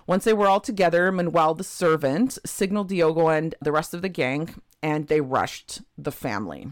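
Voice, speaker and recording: A woman's voice: deep voice, moderate pace, no room sound, studio quality. A woman co-hosting a podcast, telling a true crime case in a casual way with frequent laughs and chatty asides. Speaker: podcast co-host.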